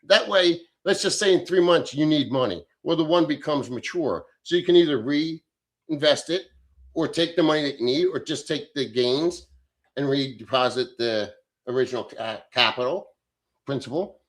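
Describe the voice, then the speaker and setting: A man's voice: fairly high pitch, expressive, normal speed. Blunt, profane middle-aged man streaming. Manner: blunt, profane, off-the-cuff banter. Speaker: livestream host reading chat. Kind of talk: casual livestream chat.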